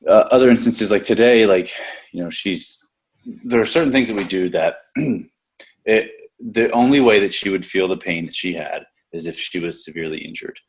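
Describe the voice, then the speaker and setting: Speaking low and at a moderate pace, a man who works as a gym coach discusses one of his clients in a relaxed podcast conversation. The talk is long and rambling, full of restarts and casual profanity.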